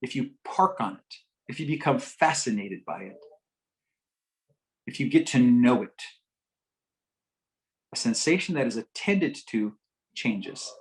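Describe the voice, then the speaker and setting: Animated man telling a teaching story. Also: mid-range voice, a little slow, long pauses, low-quality recording. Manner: animated storyteller, lively swings between loud and hushed, acts out quotes softly. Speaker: speaker at a community health forum. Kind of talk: teaching talk with a patient story.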